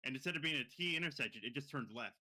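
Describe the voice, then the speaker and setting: A man's voice: medium pitch, animated, very fast, pushed and bright, poor audio. A man co-hosting a podcast, recalling events in casual chat, often stammering and repeating words. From a reservation community. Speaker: podcast co-host.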